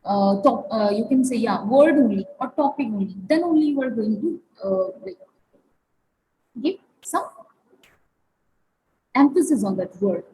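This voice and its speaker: A woman lectures over a video call, pausing often and restarting her phrases. Her voice sits fairly high but sounds mellow and soft-edged. A faint hiss runs underneath. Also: animated, poor audio. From India. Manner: halting, many fillers and restarts. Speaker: webinar trainer. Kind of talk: online lecture.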